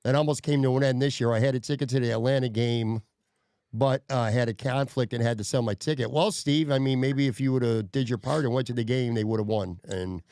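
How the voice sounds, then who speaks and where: A man's voice: mid-range voice, a little fast, clean tone, no room sound. Easygoing male podcast host, dry close sound. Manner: relaxed, easygoing, reads listener comments aloud. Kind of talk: casual chat.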